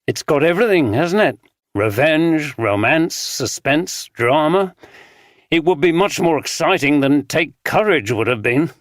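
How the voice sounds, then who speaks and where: A man's voice: fairly high pitch, expressive, a little slow, dry recording, studio quality, pitched above the performer's own voice. A man reading a dejected, earnest film director. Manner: earnest, bitter.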